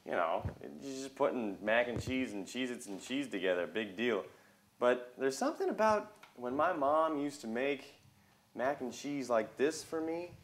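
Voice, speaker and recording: A young man hosting a casual cooking video in a home kitchen, chatting viewers through each step. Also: a little high.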